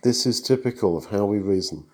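A man preaching a sermon in an earnest, measured way, reading long scripture passages aloud and explaining them. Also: on the low side, a little mellow.

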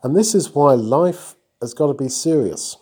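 A man's voice: fairly high pitch, animated, normal speed, a little mellow, slightly rough. A man reading and explaining a Bible passage in an easy, conversational way, stopping to praise a listener. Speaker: Bible teacher. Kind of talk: informal Bible reading and teaching.

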